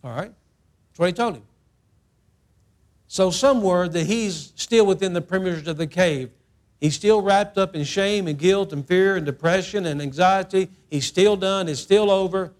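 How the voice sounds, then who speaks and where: With a high voice at a normal pace, this middle-aged man preaches from the pulpit of a church. His delivery is forceful and repetitive, and he performs each quotation rather than simply reciting it.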